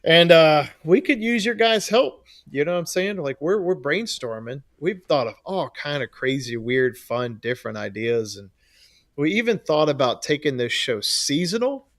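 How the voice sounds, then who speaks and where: A man's voice: fairly high pitch, lively intonation, normal speed, fairly bright tone. A man co-hosting a casual trade podcast, talking in a loose, rambling way and laughing often. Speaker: podcast co-host. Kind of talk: casual chat.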